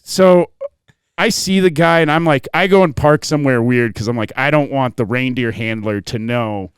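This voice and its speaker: A man's voice: medium pitch, normal speed, clear, resonant tone, no room sound, clean studio sound. A man hosting a podcast who tells a long story in casual chat, acting out the people in it and swearing a lot. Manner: animated, profane, acts out quoted people. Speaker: podcast host.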